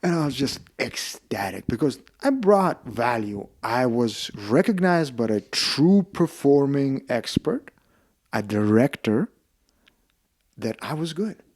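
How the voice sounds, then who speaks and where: Animated man with a Russian accent. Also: mid-range voice, takes it slowly. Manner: animated, acts out dialogue in quoted voices. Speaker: podcast guest. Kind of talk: casual storytelling interview.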